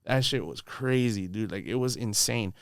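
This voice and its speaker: A man's voice: lowish voice, moderate pace, vocal fry, clear, resonant tone, no echo. A man, a podcast guest in a studio, telling a rambling story in casual slang full of "dude" and "bro".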